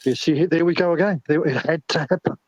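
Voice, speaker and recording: A man's voice: on the high side, fairly quick, a little mellow, a little hiss or hum. A man with a New Zealand accent in a heated online voice chat, exasperated and repeating himself. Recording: dull lo-fi voice chat audio.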